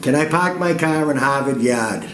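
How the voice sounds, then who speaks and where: A man's voice: mid-range voice, moderate pace, natural voice. A man with a strong Boston accent, speaking to a phone voice assistant in a played clip. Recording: echoey clip with background noise.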